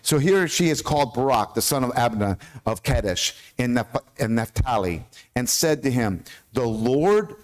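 A man with an American accent preaching a sermon as pastor, animated, with questions to the congregation. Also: medium pitch, normal speed. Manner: animated, asks the congregation questions, stumbles over hard names.

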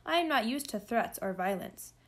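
A woman's voice: on the high side, expressive, normal speed. A woman voicing a fussy, self-important male supercomputer in a storybook reading, speaking in a snooty, mechanical way. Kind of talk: storybook read-aloud.

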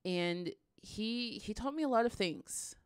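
A woman hosting a reaction video, commenting in a casual, animated way with frequent sighs. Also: fairly high pitch, a little slow, clean tone, no echo, studio quality. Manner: animated, sighing, ranting.

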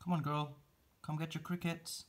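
A man's voice: fairly high pitch, flat delivery, moderate pace. A man narrating a casual pet-keeping vlog, chatty and teasing his spiders as he feeds them. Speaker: reptile and spider keeper vlogger.

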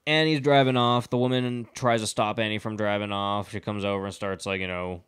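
A man hosts a casual movie podcast in a fairly low voice. He rambles through the plot recap and swears freely. His talk is loose and full of fillers. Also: steady tone, brisk, a bit bright, smooth. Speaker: podcast host.

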